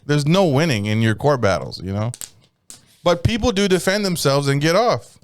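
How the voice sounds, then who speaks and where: A man's voice: fairly high pitch, lively intonation, moderate pace, clean tone. A man on a casual comedy podcast, telling stories loosely and with a lot of swearing, acting out the people he describes. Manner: loose, profane storytelling, acts out quoted voices. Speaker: podcast co-host.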